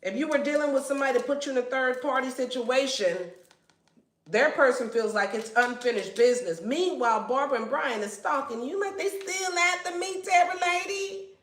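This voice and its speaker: A woman's voice: high-pitched, brisk. A woman giving a casual tarot reading in a blunt, slangy way and swearing freely. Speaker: tarot reader. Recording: echoey room.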